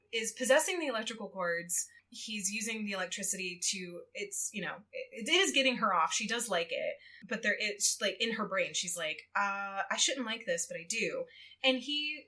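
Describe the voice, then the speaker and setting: Woman on a podcast recapping a book, kinda high voice, super bright, laughs a lot and does little voices for the characters. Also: moderate pace. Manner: animated storytelling with frequent laughter and acted quotes. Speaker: guest co-host.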